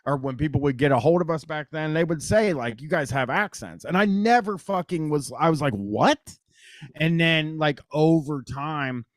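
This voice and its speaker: A man's voice: mid-range voice, no echo. Man, Midwestern accent, radio call-in host, rambling, casual swearing, dry close sound. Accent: Midwestern American. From Columbus, Ohio, US Midwest. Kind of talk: casual radio talk show chat.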